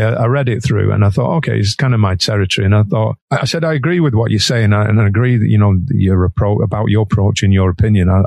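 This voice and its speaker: Gravelly Manchester man telling stories. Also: lowish voice, a little mellow, dry recording. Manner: chatty, laughs between sentences. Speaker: musician guest. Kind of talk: anecdotal storytelling.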